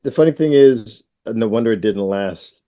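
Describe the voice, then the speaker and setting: Male podcast co-host, thirties, mellow low tone, dry sound, relaxed chat with short interjections. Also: moderate pace, no echo. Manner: laid-back, short interjections. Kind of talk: casual chat.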